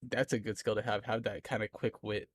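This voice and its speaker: A man's voice: fairly low pitch, level tone, fairly quick, husky, dry recording, clean studio sound. A young man from Florida with a Southern accent, chatting casually with viewers on a live stream, rambling and laughing often between lines.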